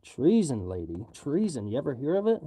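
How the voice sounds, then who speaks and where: A man from the United States rants into his livestream, angry and swearing. His voice is dark and heavy, and it stays at a middling pitch as he fires off his complaints. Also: wildly swooping pitch, brisk, husky. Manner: angry, profane, ranting. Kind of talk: livestream rant.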